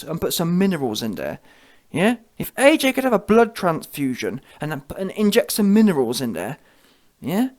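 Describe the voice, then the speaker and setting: Brash male boxing commentator, slangy and opinionated, voice sitting a bit high. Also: darkish tone. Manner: brash, slangy, keeps asking "yeah?".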